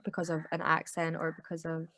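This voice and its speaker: A British woman, an English teacher, talking in an animated, emphatic way as a podcast guest, with many "like" fillers. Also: low voice, fairly quick, no echo. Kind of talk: casual podcast conversation.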